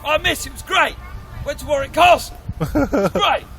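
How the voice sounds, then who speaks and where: A man voicing a chatty, excited young schoolboy who boasts breathlessly about his trip. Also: extremely high pitch, normal speed, pitched above the performer's own voice, heavily acted. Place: outdoors at a castle show. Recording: windy outdoor crowd noise.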